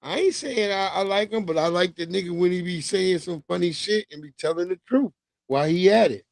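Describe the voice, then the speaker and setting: A man's voice: sits high, fairly quick, vocal fry, a little mellow, dry recording. A man hosting a livestream, talking in a loose, profane, slangy way and laughing as he tells stories. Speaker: livestream host. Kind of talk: casual commentary monologue.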